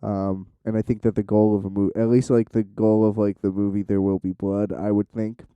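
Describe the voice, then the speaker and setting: A man's voice: lowish voice, flat delivery, a little fast, warm tone, clean tone, no room sound, highs cut off. A man hosting his own podcast, rambling casually with plenty of fillers and swearing. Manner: rambling, profane, lots of fillers; self-described shy. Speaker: podcast host. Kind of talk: casual solo podcast monologue.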